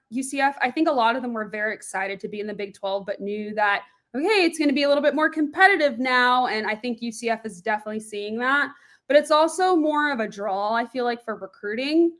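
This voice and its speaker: A young woman from Florida, chatting as a guest in a casual interview, quick and animated with frequent laughs and a plain general American voice. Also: a little high. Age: young adult. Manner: lively, quick, laughs often, animated asides.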